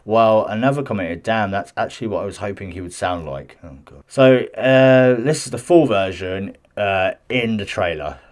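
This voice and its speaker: A man's voice: on the low side, moderate pace, few pauses. A man hosting a gaming news vlog, reading an article aloud with chatty, defensive asides and frequent stumbles. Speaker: gaming news channel host. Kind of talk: casual commentary mixed with reading news aloud.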